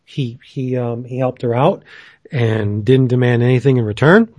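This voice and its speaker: A man's voice: mid-range voice, moderate pace, darkish tone, dry recording. A man hosting a casual chat who rambles enthusiastically, with plenty of fillers. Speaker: podcast host.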